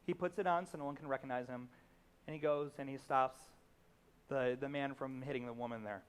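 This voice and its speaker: A man's voice: mid-range voice, steady tone, a little fast, clean tone. A man preaching a sermon as a pastor, telling a story conversationally with fillers and acting out the lines.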